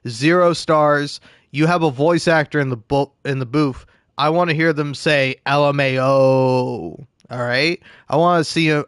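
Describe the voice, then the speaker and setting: A man's voice: a little high, fairly bright tone, dry recording, studio quality. A man giving profane, ranting gameplay commentary, often laughing at his own jokes. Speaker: gameplay streamer.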